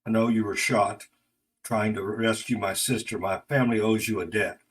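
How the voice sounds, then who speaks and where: A man voicing a formal, courteous gentleman of about forty who apologizes for imposing, in a spoken story. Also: fairly low pitch, steady tone, normal speed, natural voice, rough recording.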